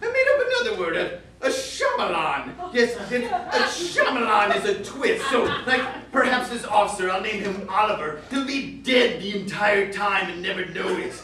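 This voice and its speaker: A man playing an excitable Victorian author on a live stage, rambling, repeating "yes, yes" and bursting into theatrical shouts. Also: high-pitched, moderate pace, hardly any pauses, a crowd in the background. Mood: eager. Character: excitable Victorian male author pitching odd stories. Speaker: sketch comedy actor. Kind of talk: live stage sketch comedy. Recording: echoey theater, distant mic, audience laughter.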